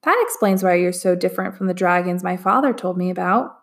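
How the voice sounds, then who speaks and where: A kind young girl from a storybook, friendly and reassuring, voiced by a woman reading aloud. Her voice has a gravelly edge. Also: fairly low pitch, a little fast, lightly acted.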